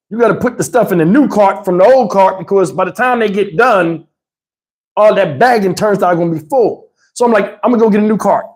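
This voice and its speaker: A middle-aged man tells a profane, animated story to his livestream chat. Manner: animated, profane, swings into high voices to mimic others. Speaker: livestream host.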